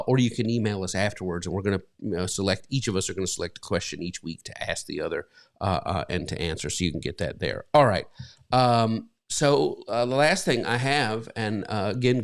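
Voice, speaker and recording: A middle-aged man, a pastor co-hosting a casual live podcast from his bedroom, rambling and emotional with many fillers. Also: low voice. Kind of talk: casual live-stream chat. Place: home bedroom.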